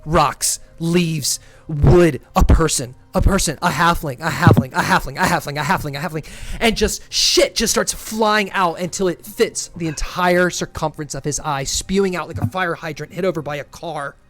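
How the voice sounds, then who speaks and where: A man's voice: a little high, moderate pace, fairly bright tone. A man narrating a fantasy tabletop game as game master, describing scenes vividly and in gory detail.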